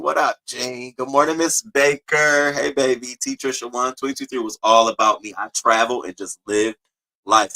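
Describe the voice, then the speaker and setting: Bright-voiced man hosting a casual live stream. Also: mid-range voice. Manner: loose, profane, playful, singsong shout-outs. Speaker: host of a live stream news show. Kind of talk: casual live-stream chat greeting viewers.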